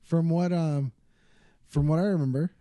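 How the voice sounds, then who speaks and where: A man's voice: on the high side, fairly even intonation, moderate pace, warm tone, a little hiss or hum. A man co-hosting a podcast in playful, laughing banter, egging the others on. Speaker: podcast co-host. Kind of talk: casual chat.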